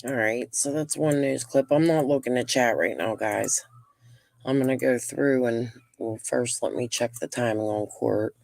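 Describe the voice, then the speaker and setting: A middle-aged woman and grandmother hosting a casual livestream, venting and telling stories in an animated way while getting over a lung infection. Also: rumbling low, moderate pace, gravelly, no room sound, clean studio sound. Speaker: livestream host.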